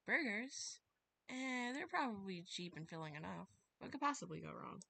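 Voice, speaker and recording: A woman streamer reading a visual novel aloud and chatting, with sudden squealing excitement. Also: medium pitch, moderate pace, vocal fry. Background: background music.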